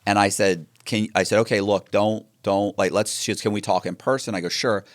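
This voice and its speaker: A man telling his story in an interview, animated and acting out the dialogue with frequent restarts. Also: lowish voice, brisk, no echo, clean studio sound. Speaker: interview guest.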